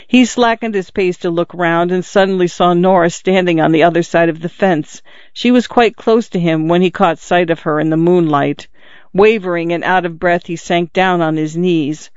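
A man reading a literary story aloud in a measured, steady way. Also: high-pitched, smooth, no room sound. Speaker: narrator. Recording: dull, dry, slightly lo-fi recording.

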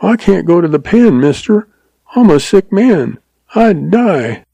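A man's voice: high-pitched, normal speed, creaky, warm tone, no echo, voice pushed up, heavily acted. A man doing a quavering, terrified little clerk. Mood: terrified pleading. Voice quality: quavering, blubbering. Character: cringing, terrified little male telegraph agent.

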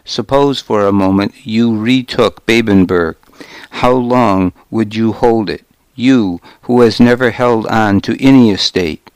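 A man's voice: fairly low pitch, clear, resonant tone, dry recording. A man voicing a bitter, defiant old uncle who sneers and snarls at his kin.

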